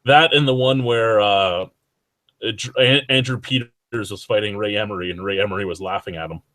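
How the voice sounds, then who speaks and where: A man's voice: lowish voice, normal speed, pushed and bright, no echo. A young man hosting a podcast, rambling and swearing freely in casual chat. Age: young adult. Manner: profane, rambling hockey banter. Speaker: podcast host.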